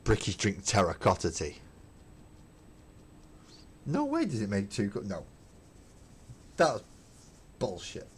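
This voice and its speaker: A man's voice: lowish voice, huge pitch swings, slow pace, long pauses, a little hiss or hum. A middle-aged man chatting casually on a painting livestream, emphatic and opinionated, swearing as he rants. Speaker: hobby livestream host. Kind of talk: casual chat while painting.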